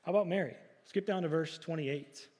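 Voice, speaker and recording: A man's voice: on the high side, a little fast, a little mellow, in a large hall. A man preaching a sermon, talking to the congregation in a conversational way with rhetorical questions. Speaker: pastor.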